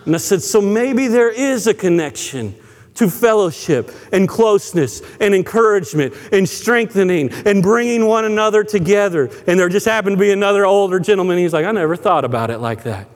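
A man's voice: sits high, brisk, long reverb tail. A male pastor preaching a sermon in a conversational, story-telling way, often restarting his sentences.

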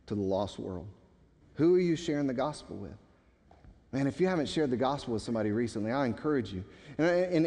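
A man's voice: on the high side, darkish tone. A man preaching a sermon in a church, emphatic, with stammered restarts. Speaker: pastor. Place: church sanctuary. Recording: long hall reverb.

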